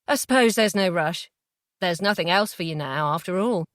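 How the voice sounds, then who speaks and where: A woman reading an audiobook, voicing a calm, smug, manipulative ex-boyfriend. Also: fairly low pitch, normal speed, no echo, clean studio sound, lightly acted. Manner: coolly manipulative, quietly self-satisfied. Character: obsessive controlling ex-boyfriend, man, calm and smug. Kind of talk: audiobook character voice.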